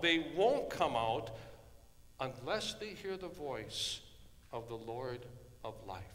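A man preaching a sermon, telling a story dramatically and dropping from hushed tones to loud ones. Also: on the high side. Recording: long hall reverb.

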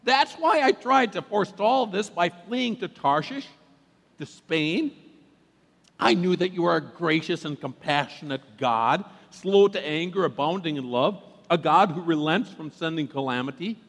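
A preacher putting on the voice of an exasperated, bitter prophet, pleading and whiny, pitched higher than his plain talk. The words ring out in a big reverberant church hall. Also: animated, measured pace, creaky, a bit bright, exaggerated voice.

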